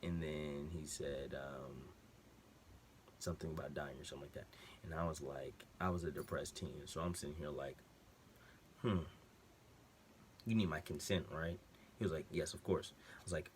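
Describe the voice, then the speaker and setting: A young man with a low, deep voice tells a personal story in loose, slangy casual talk. He acts out the other people's lines as he goes. A faint hum of room noise sits behind him. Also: unhurried, long pauses. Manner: animated slangy storytelling, acting out quotes. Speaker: vlogger.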